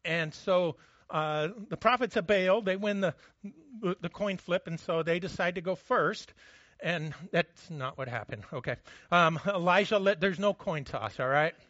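Male pastor, conversational sermon with self-mocking humor, bright forceful tone. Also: sits high, animated, measured pace, no room sound, lo-fi sound.

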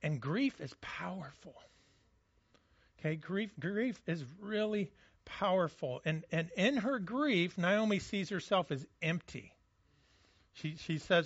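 Guy preaching a sermon, kinda high voice, earnest, says words twice a lot, dull dry audio. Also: lively intonation, unhurried, a bit bright, dry recording. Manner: earnest, often repeats words as he restarts. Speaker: pastor.

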